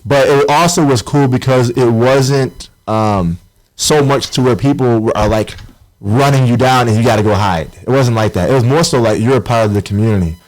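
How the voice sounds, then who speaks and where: A man's voice: medium pitch, normal speed, a little mellow. A man, a professional basketball player guesting on a podcast, telling stories animatedly and acting out voices. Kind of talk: casual storytelling interview.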